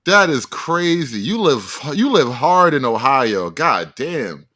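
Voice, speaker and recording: A man's voice: mid-range voice, big pitch swings, takes it slowly, bright, forceful tone. A man reacting live to a video for his stream, cracking profane, mocking jokes as he riffs.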